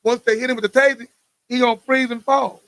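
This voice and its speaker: A man's voice: very high-pitched, flat delivery, quick pace, a bit bright, no echo. A man, a podcast guest, talking bluntly and indignantly in casual chat, often repeating himself. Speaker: guest telling of his police beating.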